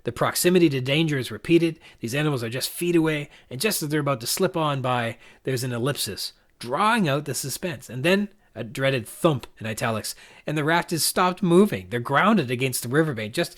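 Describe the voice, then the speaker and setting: Man, podcast host, literary analysis, measured, reflective, animated pitch.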